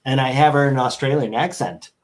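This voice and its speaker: A man's voice: mid-range voice, quick pace. A man chatting as a guest on a show, rambling and joking as he tells stories over a video call. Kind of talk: casual chat.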